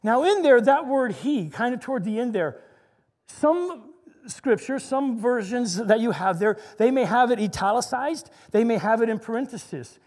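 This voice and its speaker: A man preaching a sermon in an earnest way, slowing down to stress each point. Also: extremely high pitch, animated, darkish tone, long reverb tail. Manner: earnest, slows down to stress scripture.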